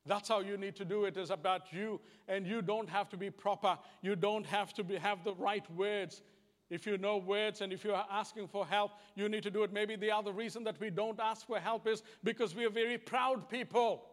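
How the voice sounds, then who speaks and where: High-voiced Kiwi preacher in a reverberant hall. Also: male voice, steady tone, moderate pace. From New Zealand. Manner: earnest, repetitive, plain-spoken. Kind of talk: conversational sermon.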